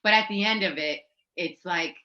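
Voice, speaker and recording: A woman's voice: fairly low pitch, normal speed, bright, forceful tone, highs cut off. A woman, an actress and musician, chatting casually as an interview guest, acting out quotes and laughing often.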